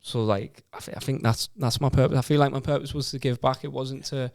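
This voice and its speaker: A man's voice: medium pitch, fairly even intonation, brisk, darkish tone, no room sound. A man in his twenties with a Teesside accent, a podcast guest telling his story casually and earnestly, often repeating words as he goes. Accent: Teesside English. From Stockton-on-Tees, England. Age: 20s.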